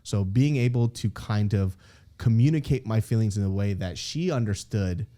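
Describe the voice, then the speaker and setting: In an interview, a man in his thirties who works as a comedian spins candid stories at a moderate pace in a lowish voice. He's an animated storyteller who laughs often, curses freely and acts out the lines he quotes.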